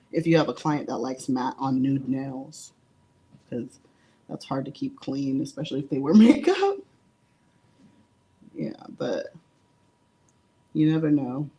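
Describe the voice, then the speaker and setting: A woman demonstrating nail art in a relaxed live-stream tutorial. Her voice sits low, and she talks in a chatty, giggly way with lots of fillers. She sounds a little out of breath. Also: vocal fry. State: slightly out of breath. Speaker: nail artist giving a live demo. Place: indoor studio under hot lights.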